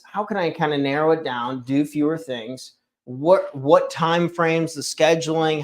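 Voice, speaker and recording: A man hosting a daily morning livestream, talking casually and earnestly, often restarting and correcting himself. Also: mid-range voice. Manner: rambling, self-correcting, earnest. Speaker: host of a daily morning show. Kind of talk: casual solo livestream talk. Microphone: streaming setup microphone.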